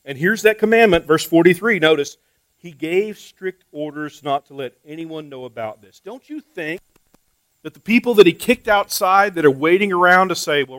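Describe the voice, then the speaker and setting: A male pastor delivers a sermon in a fairly high voice, talking to his listeners as if in conversation. He asks rhetorical questions and repeats words as he restarts. His level moves from quiet asides to loud, pressing emphasis, and the sound is dry and close. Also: no echo, low-quality recording. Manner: swings between soft asides and loud emphasis.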